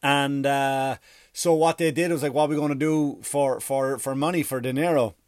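Man, rambling comic monologue, profane deadpan storytelling, dry close sound. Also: medium pitch, moderate pace, dry recording. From Ireland. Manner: rambling, profane, deadpan mock-history with silly put-on voices.

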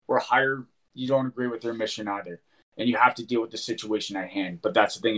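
A man's voice: medium pitch, rough recording. A man talking as a guest in casual chat, laid-back and matter-of-fact.

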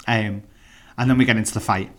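A man's voice: on the low side, fairly even intonation. Enthusiastic man recapping a film. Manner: enthusiastic, chatty, quick to laugh. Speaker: podcast co-host. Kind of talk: casual film discussion chat.

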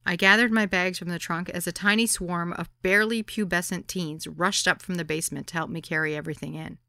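Brief: female memoir narrator, wry deadpan delivery, bright crisp tone, lower pitch. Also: a little fast, dry recording. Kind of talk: audiobook memoir reading.

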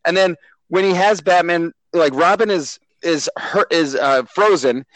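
A man co-hosting a podcast, ranting about a movie with swearing and loud indignant bursts, right up on the mic. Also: fairly high pitch, a little slow, dry recording, rough recording. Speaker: podcast co-host. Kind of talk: casual podcast rant. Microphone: close mic, speaking too loud into it.

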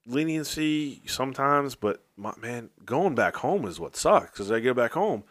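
A man's voice: medium pitch, expressive, measured pace, fairly bright tone, no room sound. A man co-hosting a podcast, telling a story in casual chat and acting out the quoted voices of the people in it. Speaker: podcast co-host.

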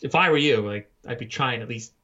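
A man's voice: medium pitch, fast talker, pushed and bright. A man in his thirties, a podcast co-host, talking sports in a profane, heated rant. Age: 30s. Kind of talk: casual sports chat. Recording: dull lo-fi audio.

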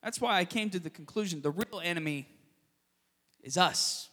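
Guy preaching in a church, really high voice, long hall echo, gets loud then goes quiet fast. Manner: lively storytelling preacher with sudden loud emphasis and hushed asides. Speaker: pastor. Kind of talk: sermon. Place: church sanctuary.

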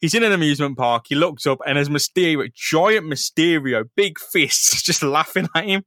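A man with a bright, forward voice recaps a comic book for a podcast audience. He swears freely and acts out bits of dialogue. The sound is dry and close to the mic. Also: a little high, moderate pace, no room sound. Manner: crude, laughing, animated retelling with swearing. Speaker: podcast co-host.

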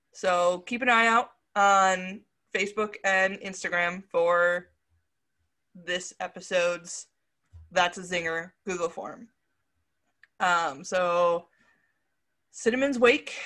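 A woman's voice: mid-range voice, pushed and bright. A woman hosting a casual podcast, reading quiz quotes aloud, giggly and self-conscious, and refusing to put on accents. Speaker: podcast host.

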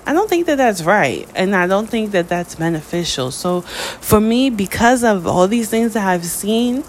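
An American woman delivering a spoken opinion monologue, emphatic, with her pitch rising on key points. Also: very animated, normal speed, slight background noise. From United States.

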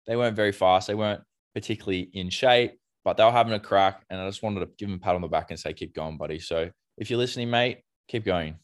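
A man's voice: lowish voice, fast. An Australian man co-hosting a podcast in casual, easygoing chat. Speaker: podcast co-host.

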